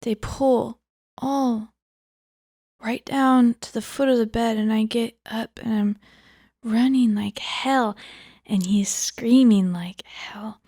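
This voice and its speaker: A woman giving a cold reading of a book aloud, often dropping into a hushed whisper. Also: a little high, fairly even intonation, takes it slowly, no room sound, clean studio sound. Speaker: audiobook reader.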